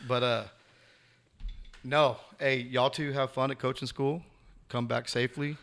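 Co-host, man, mid pitch, teasing, filler-heavy chat. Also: level tone, a little slow, a bit bright. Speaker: podcast co-host. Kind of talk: casual chat.

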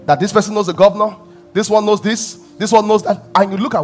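A man's voice: high voice, fast talker, faint music behind. A man preaching a sermon, telling stories with lots of emphatic repetition and frequent laughter. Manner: emphatic, repeating phrases for stress; animated storytelling, often laughing.

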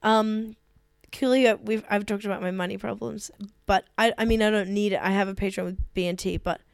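A woman's voice: medium pitch, steady tone, a little fast, vocal fry, smooth, no echo, studio quality. A woman co-hosting a casual podcast, gushing and playful, swearing casually. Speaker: podcast co-host. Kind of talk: casual chat.

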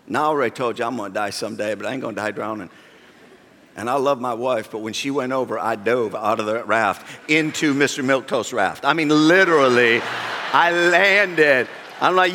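A man preaching a sermon and telling a comic personal story, animated, jumping from shouts to a low, quiet tone. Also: fairly quick, a little hiss or hum. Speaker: pastor. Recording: long hall reverb.

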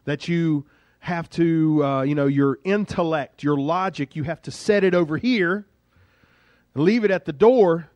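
A male pastor preaching a sermon in a lively, conversational storytelling way. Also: on the high side, unhurried, no echo.

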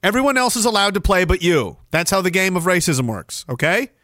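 Sarcastic high-voiced man ranting. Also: lively intonation, fairly quick, dry recording, studio quality. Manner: sarcastic, mocking, bursts into shouting. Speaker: stream host. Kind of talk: ranting commentary on a video clip.

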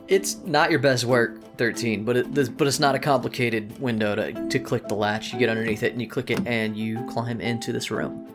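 A man's voice: mid-range voice, steady tone, fairly quick, music in the background. A man narrating as game master in a tabletop role-playing session, casual and joking. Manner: casual, joking, bro-ish.

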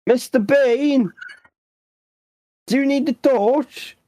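A man's voice: very high voice, slow pace, dark tone, no echo, pitched above the performer's own voice. A man voicing a naive, childlike male adventurer in a tabletop role-play, earnest and sing-song.

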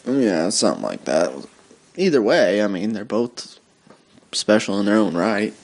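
A man's voice: lowish voice, very animated, a little slow, vocal fry. A man co-hosting a casual podcast, rambling with lots of fillers and swearing. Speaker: podcast co-host.

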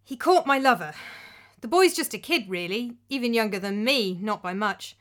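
A woman's voice: on the high side, lively intonation, moderate pace, a bit bright. A woman voicing a nervous, awkward young miller's wife who pleads for help. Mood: pleading.

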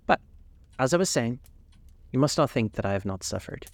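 A man voicing a cold, vain young gentleman in a storybook reading, languid and dismissive. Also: mid-range voice, animated, normal speed, no room sound, natural voice. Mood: aloof.

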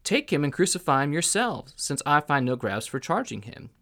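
A man voicing an uneasy male Roman governor who speaks in a measured, deliberate way during a scripture reading. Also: a little high, very animated, fairly bright tone. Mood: firm.

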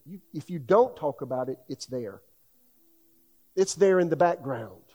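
A man's voice: high voice, normal speed, warm tone, dull audio. A middle-aged man preaching a sermon in a folksy, conversational way, full of asides. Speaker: pastor.

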